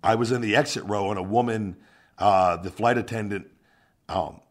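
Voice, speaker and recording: Low-voiced man telling a rant. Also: normal speed. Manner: animated storytelling with profanity. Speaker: podcast host, former wrestler. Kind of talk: casual podcast chat.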